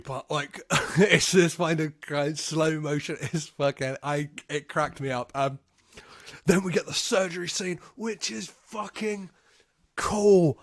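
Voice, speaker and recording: A man hosting a podcast, recapping a film in a laid-back way, swearing freely and filling pauses with "um". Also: fairly high pitch, no echo, clean studio sound. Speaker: podcast host.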